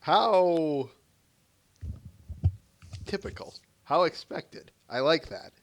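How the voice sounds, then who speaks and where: A man hosting a podcast in casual chat, relaxed and steering the conversation. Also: fairly high pitch, very slow, slight background noise. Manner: relaxed, laughs easily, steers the talk. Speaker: podcast host.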